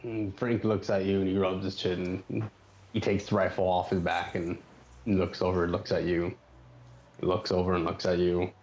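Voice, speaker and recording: Low-voiced man running a tabletop game. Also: flat delivery, normal speed, darkish tone. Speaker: game master. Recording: dull lo-fi sound, faint noise.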